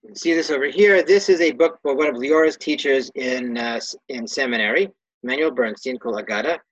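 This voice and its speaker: A man's voice: mid-range voice, fairly quick, dry recording. Man teaching a text class, dull lo-fi sound. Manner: reads Hebrew and Aramaic phrases, then translates them plainly; casual, with frequent restarts and self-corrections. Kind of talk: text-study lesson.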